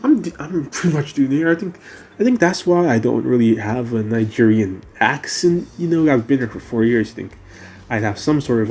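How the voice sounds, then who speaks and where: A man's voice: medium pitch, a little mellow, a little hiss or hum. A young man with a mixed British and American accent, talking casually about his life in a rambling way with many fillers and restarts. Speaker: vlogger. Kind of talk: casual personal talk.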